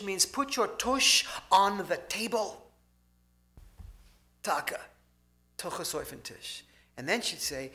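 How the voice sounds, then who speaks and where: A man giving an inspirational talk to a congregation in a synagogue hall, swinging between loud emphasis and hushed softness. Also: high-pitched, very animated, slow, long pauses. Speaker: motivational speaker.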